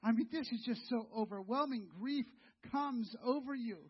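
In a dull, lo-fi recording, a middle-aged male pastor delivers his sermon as a conversational story at normal speed. His voice is high and husky, and he speaks straight to the audience as "you".

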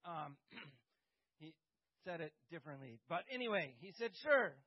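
A man, a pastor, telling a personal story to a group with halting speech, many fillers and dry humor. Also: fairly high pitch, animated, husky, highs cut off.

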